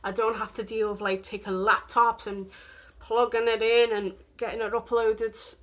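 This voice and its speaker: A woman's voice: fairly high pitch, little pitch movement, normal speed, fairly bright tone. A woman vlogging in a rambling, emotional way, with lots of fillers. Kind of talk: casual vlog talk.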